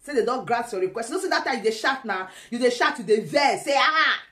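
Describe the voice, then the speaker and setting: A woman's voice: on the high side, lively intonation, fast talker. Teasing laughing Nigerian woman, echoey room. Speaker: commentator. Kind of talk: casual pidgin commentary.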